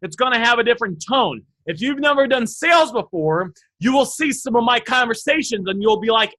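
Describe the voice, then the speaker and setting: A man coaching viewers live on sales talk, energetic and emphatic, asking them questions directly. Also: extremely high pitch, a little fast, few pauses. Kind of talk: live online sales lesson.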